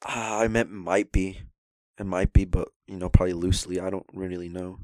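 Smooth-voiced man chatting about movies. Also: low-pitched, steady tone, a little fast, warm tone, no room sound. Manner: enthusiastic, rambling, quotes scenes in put-on voices. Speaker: podcast co-host. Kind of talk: casual movie chat.

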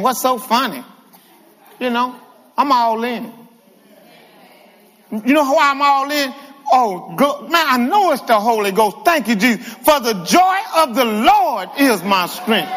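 High-voiced, animated male preacher. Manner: animated, humorous, calls out to the congregation. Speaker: guest preacher. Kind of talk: lively church sermon. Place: church sanctuary with reverb. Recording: long hall reverb in church.

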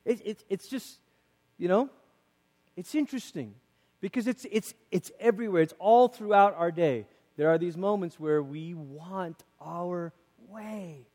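A man preaching a conversational sermon as a pastor, lively and acting out quoted voices, in a church. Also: high-pitched, measured pace, long reverb tail. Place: church sanctuary.

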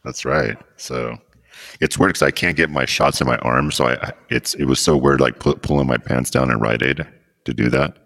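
A man's voice: very deep voice, moderate pace, gravelly, a bit bright, no echo, clean studio sound. A man hosting a podcast in a casual chat, rambling and joking as he gets sidetracked. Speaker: podcast host.

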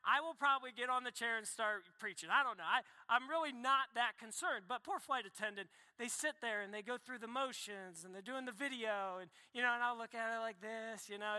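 A young man preaching a sermon as pastor, talking in a lively, conversational way with quick asides and self-corrections. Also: very high voice. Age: young adult. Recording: echoey hall reverb.

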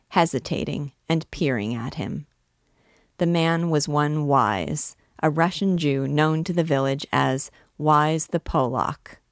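A woman reading a novel aloud as a literature teacher, in a steady, expressive way. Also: deep voice, no room sound, clean studio sound.

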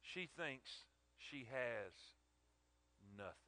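A man's voice: mid-range voice, animated, drawn-out words, bright, forceful tone. A man preaching a sermon in an emphatic, emotional way, often repeating his words.

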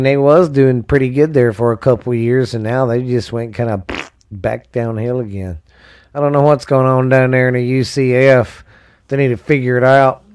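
Male podcast host, unhurried and profane, loose rambling read. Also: medium pitch, darkish tone, smooth. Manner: rambling, profane, drawling, reads lists with fillers. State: dry mouth. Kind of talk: casual sports podcast rundown.

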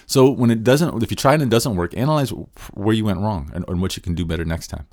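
A man's voice: lowish voice, quick pace, a little mellow, dry recording, clean studio sound. A man giving an earnest, casual spoken lesson on nonviolent communication, thinking aloud with frequent restarts.

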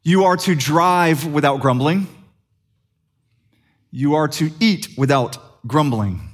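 Lively, animated male pastor preaching. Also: fairly high pitch, slow pace. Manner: conversational, humorous, asks the congregation questions. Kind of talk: sermon.

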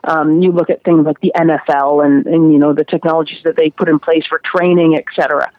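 A woman's voice: deep voice, steady tone, a little fast, dry recording, phone-quality sound. A woman jockey, a guest on a radio interview, talking casually with many fillers and restarts.

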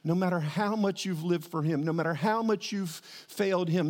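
A male pastor delivers a sermon in a hall with long reverb. His voice sits a little high. He moves from quiet storytelling to loud, emphatic declarations. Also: moderate pace.

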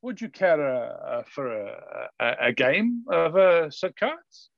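A flamboyant caped gambler, put on by a man in a clumsy Italian-ish accent, grandly polite yet stumbling over every phrase. The voice is slow and gravelly. It sounds dull and dry, like a lo-fi recording. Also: on the high side, big pitch swings, dry recording, exaggerated voice. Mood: courtly. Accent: bad put-on Italian-ish accent. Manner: halting, full of ums and uhs, grandly polite. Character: flamboyant caped male gambler, overly courtly.

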